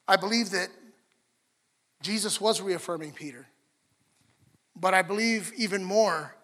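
High, bright-voiced preacher in a reverberant hall. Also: male voice. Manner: conversational, earnest, with restarts and asides to the congregation. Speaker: pastor. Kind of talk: sermon.

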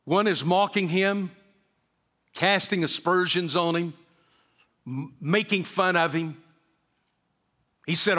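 A man's voice: sits high, slow, long pauses, bright, forceful tone, in a large hall. A man preaching a sermon to a congregation, acting out the voices of the people in his story. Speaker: pastor. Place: church sanctuary.

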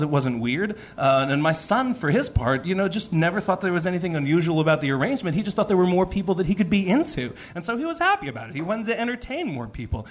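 A man reading a personal story to a live audience, acting out the voices he quotes. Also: fairly high pitch. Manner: animated, acts out quoted voices.

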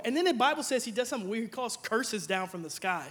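A man's voice: very high-pitched, expressive, quick pace, fairly bright tone. A young adult man preaching a sermon, playful and joking, acting out Bible figures in casual slang. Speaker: pastor.

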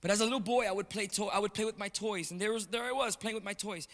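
Animated preacher in a reverberant hall. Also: male voice, sits high, fast talker, vocal fry. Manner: animated storytelling, calls out to the congregation. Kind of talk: sermon. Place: church sanctuary. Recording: long reverb of a large hall.

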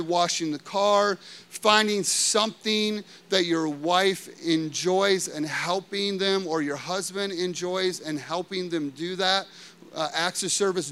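Bright, animated male preacher. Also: sits high. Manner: animated and conversational, keeps asking the congregation "okay?". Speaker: pastor. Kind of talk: sermon.

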